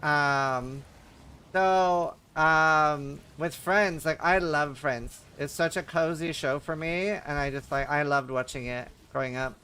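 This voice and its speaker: Casting note: a male streamer with a slightly high voice, telling loose anecdotes in casual chat, swearing freely and laughing at his own jokes. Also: takes it slowly, bright, forceful tone, smooth. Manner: rambling, profane, laughs at own stories. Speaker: livestream host.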